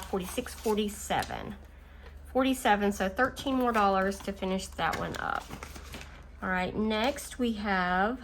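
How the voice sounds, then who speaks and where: A woman hosting a casual budgeting video, chatting and counting her savings out loud, easily amused. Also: mid-range voice. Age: adult. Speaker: budgeting channel host. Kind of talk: casual chat while scratching savings challenges. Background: faint engine noise from a utility vehicle outside.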